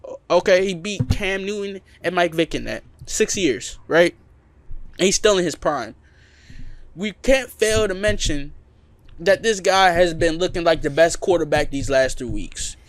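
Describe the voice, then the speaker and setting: Podcast co-host, male, slightly high pitch, insistent and repetitive in debate. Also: a little slow. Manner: emphatic, repeats points for emphasis. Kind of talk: casual sports debate.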